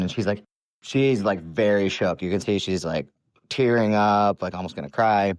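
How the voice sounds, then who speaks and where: A man's voice: on the low side, moderate pace, no echo. A man telling a personal story in a casual, rambling way, with many fillers.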